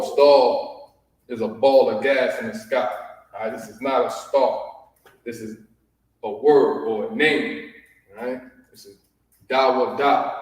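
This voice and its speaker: A man's voice: medium pitch, darkish tone. A man teaching a language class, explaining each point and checking in with "all right?" again and again. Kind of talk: classroom lesson. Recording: echoey hall, voice from far off.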